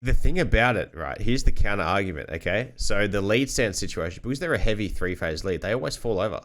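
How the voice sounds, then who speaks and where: A man's voice: lowish voice, animated, fast. A young Australian man hosting a casual podcast chat, swearing freely and acting out other people's lines as he tells stories. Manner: sweary storyteller, acts out other people loudly. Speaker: podcast host.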